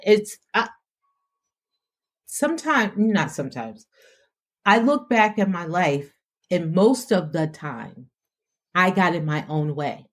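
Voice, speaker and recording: A woman hosting a faith podcast, talking in an animated, preacher-like way with plenty of affirmations. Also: fairly low pitch, slow, long pauses. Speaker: host.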